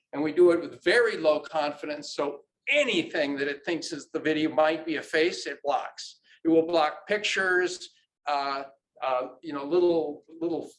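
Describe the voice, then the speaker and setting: A man's voice: sits high, a bit bright, low-quality recording. A man giving an informal conference talk, often checking in with "right?". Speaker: academic presenter. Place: conference room.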